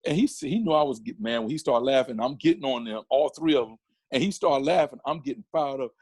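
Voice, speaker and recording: A man talking as a podcast guest in a casual interview, an animated storyteller who often restarts his sentences. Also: medium pitch, quick pace, husky, no room sound. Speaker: podcast guest, comedian and photographer.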